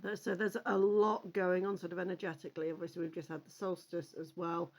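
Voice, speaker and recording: Lady doing a weekly card reading, lowish voice, rambly, lots of ums, kind of pep-talky. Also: fairly even intonation, moderate pace. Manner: chatty and rambling, with frequent ums and restarts; encouraging, gently admonishing. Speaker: oracle card reader. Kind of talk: casual spoken card reading.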